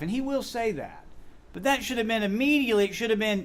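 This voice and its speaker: A man's voice: high voice, lively intonation, fast talker. A middle-aged man teaching a Sunday School Bible lesson. He talks animatedly, acts out biblical dialogue and quizzes the class.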